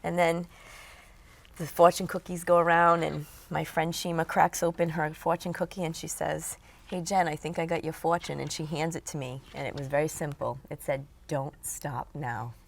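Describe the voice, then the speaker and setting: Gravelly-voiced woman telling a story. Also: deep voice, normal speed. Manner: animated storyteller, acts out quotes. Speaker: interview guest. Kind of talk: storytelling in an interview.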